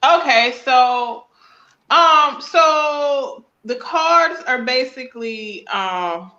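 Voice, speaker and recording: A woman, a psychic medium, chatting casually as an interview guest, slangy and animated, acting out little dialogues as she explains. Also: high voice, extremely slow, highs cut off.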